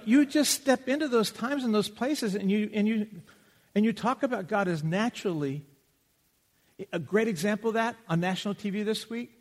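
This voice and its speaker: A man preaching a sermon from Texas, telling stories conversationally and acting out the quotes. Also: high voice. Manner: conversational, animated storytelling with acted-out quotes. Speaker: pastor. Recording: long reverb of a large hall.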